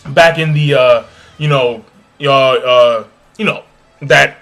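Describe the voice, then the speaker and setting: A man doing a casual anime episode review, excitable and swearing freely, acting out lines from the scenes. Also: medium pitch, takes it slowly, faint music behind. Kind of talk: casual animated recap.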